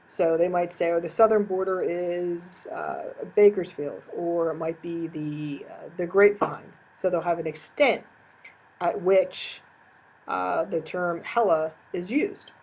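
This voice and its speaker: A woman's voice: on the low side, a little slow, darkish tone, slight background noise, low-quality recording. A woman teacher giving a recorded lecture, explaining terms step by step and repeating key definitions.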